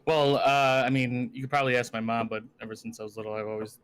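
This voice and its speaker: A young man guesting on a casual gaming podcast, laid-back and playful, now and then breaking into hype shouts. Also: medium pitch, completely flat delivery, quick pace, clean tone. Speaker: guest, gaming community founder. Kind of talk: casual chat.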